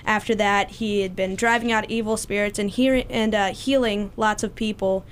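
A woman's voice: mid-range voice, steady tone, moderate pace, slight background noise. A young woman casually retelling a Bible story in a study group, chatty with many fillers and restarts. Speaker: Bible study participant sharing a passage.

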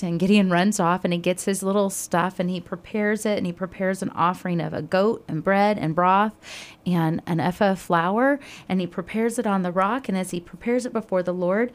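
A woman with a mid-range voice retells a Bible story conversationally. She is animated and easygoing, often pausing with fillers as she goes. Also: medium pitch.

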